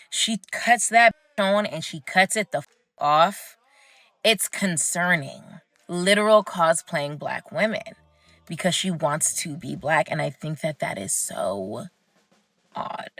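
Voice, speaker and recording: A woman's voice: lowish voice, fairly bright tone, dry recording. A young woman ranting casually about someone online, talking in an emphatic, chatty way and stretching out words for stress. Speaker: commentator. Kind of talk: casual opinion rant.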